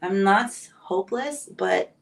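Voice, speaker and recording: Woman, forties, interview guest, heartfelt and frank, mid pitch, somewhat off-mic. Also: wildly swooping pitch, measured pace, recorded from a distance. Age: 40s. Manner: emotional, candid, tearful at times. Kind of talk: live interview.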